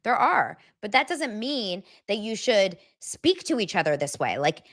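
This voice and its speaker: A woman's voice: medium pitch, very animated, unhurried, a bit bright. A woman hosting a casual celebrity gossip vlog, chatting straight to her viewers. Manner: chatty, addresses viewers directly.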